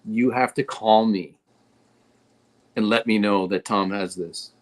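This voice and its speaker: A man's voice: fairly low pitch, steady tone, measured pace. A man speaking as a guest in a casual interview, earnest and rambling with restarts. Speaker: guest actor.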